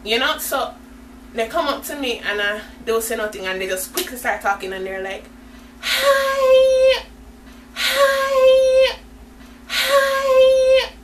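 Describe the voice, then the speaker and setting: A woman's voice: mid-range voice, a little fast, recorded from a distance, noisy background. A young woman telling a story in a chatty vlog, acting out the lines of the people in it. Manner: animated, chatty storytelling with voiced-out quotes. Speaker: vlogger.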